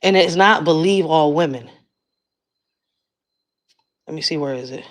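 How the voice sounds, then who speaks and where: Woman vlogger, lower register, blunt profane rant with constant check-ins to her viewers. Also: a little slow. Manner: blunt and profane, keeps asking "you see where I'm coming from". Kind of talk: casual rant to camera.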